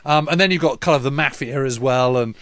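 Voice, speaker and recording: A man's voice: mid-range voice, fairly quick, fairly bright tone, dry recording. A man co-hosting a podcast, chatting enthusiastically about history in eager bursts. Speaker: podcast co-host. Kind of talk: casual history chat.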